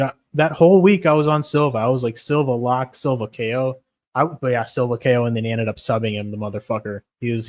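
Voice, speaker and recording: A man's voice: medium pitch, a little mellow. A young man chatting casually on a stream, rambling, swearing freely and laughing often. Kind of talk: casual MMA stream chat.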